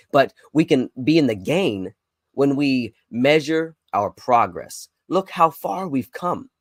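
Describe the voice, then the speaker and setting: A man's voice: medium pitch, dry recording, clean studio sound. Earnest man hosting a devotional podcast. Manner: earnest, encouraging, emphatic on key words. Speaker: podcast host.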